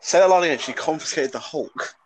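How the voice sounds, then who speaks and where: A man's voice: on the high side, fast, poor audio. A man on a podcast, chuckling and chiming in with short remarks while a friend tells a story. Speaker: podcast co-host. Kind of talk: casual chat.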